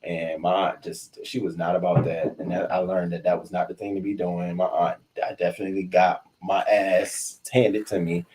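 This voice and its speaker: A young adult man telling a school story in an animated, profane way, acting out the voices of the people in it. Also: deep voice, moderate pace, hardly any pauses. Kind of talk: confessional storytelling.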